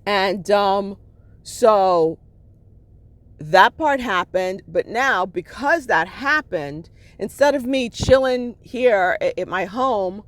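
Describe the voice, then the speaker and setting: A woman's voice: mid-range voice, animated, slow pace, no room sound. A middle-aged woman talking candidly in a rambling vlog, checking in with her listeners as she goes. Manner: emotional, swings between laughter and sadness. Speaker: spiritual vlogger. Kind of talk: casual personal vlog monologue.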